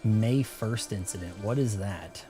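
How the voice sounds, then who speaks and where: A man with a low, slightly slow voice streams live gameplay while game music plays behind him. He rambles along, tossing out jokes as he plays.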